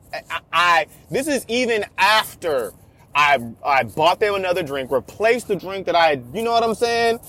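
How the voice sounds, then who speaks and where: Young guy with a high voice venting a story, swears a ton, keeps repeating himself. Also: moderate pace. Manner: animated, profane, repeats himself a lot. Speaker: vlogger telling a story. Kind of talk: casual storytelling rant.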